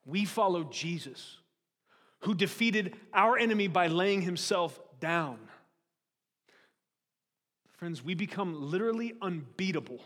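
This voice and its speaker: Animated man preaching in a reverberant hall. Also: high-pitched. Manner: animated preaching, rhetorical questions to the congregation. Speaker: pastor. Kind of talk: sermon.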